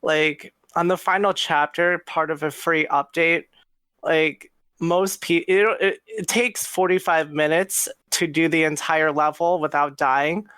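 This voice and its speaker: A man's voice: on the high side, fairly bright tone, no echo. A man co-hosting a podcast, chatting casually and enthusiastically about games. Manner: enthusiastic, talks through game details. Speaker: podcast co-host. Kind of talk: casual chat.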